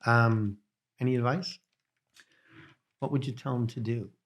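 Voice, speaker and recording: A man hosting an interview, talking in a relaxed, casual way with frequent hesitations. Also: mid-range voice, a little slow. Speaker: interview host.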